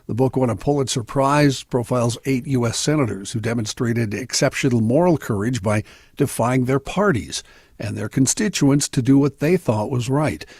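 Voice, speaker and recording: Male news reader, slightly husky, dry close studio mic, steady measured delivery. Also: medium pitch, dry recording. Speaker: news reader on a radio show. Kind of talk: reading news items on talk radio.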